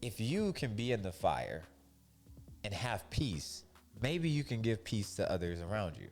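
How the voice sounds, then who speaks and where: A young man with a fairly low voice talks casually about keeping your peace. He tells stories in a loose, animated way and slips into the voices of the people he quotes. Soft music plays faintly behind him. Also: measured pace. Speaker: podcast host. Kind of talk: casual faith-based monologue.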